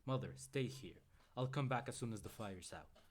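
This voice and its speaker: A man reading aloud and voicing a young noble son who is steady and protective, speaking calmly and gently. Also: medium pitch, normal speed, close to an everyday voice. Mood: alarmed. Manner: calm, gentle reassurance.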